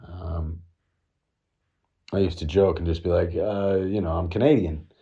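A man's voice: deep voice, level tone, measured pace, dark tone, slightly rough, highs cut off. A middle-aged man from the United States telling a rambling, casual story full of fillers and swearing. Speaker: vlogger.

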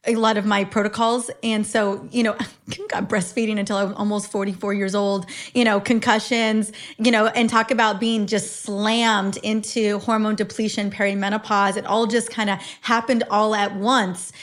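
A woman's voice: mid-range voice, level tone, normal speed, fairly bright tone. A woman in her forties, a health expert talking as a podcast guest, earnest and reflective, often restarting her sentences. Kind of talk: casual conversation.

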